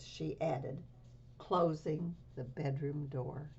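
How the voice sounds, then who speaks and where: A woman reading a children's picture book aloud in an expressive, unhurried way. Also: on the low side, dull audio, slight background noise. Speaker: storybook reader.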